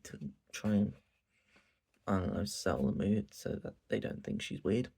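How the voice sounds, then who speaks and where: A man hosting his own channel, giving an animated, profane recap of a manga and acting out quotes as he goes. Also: on the low side, a little slow, gravelly. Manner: animated, swears a lot, acts out quotes. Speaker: channel host.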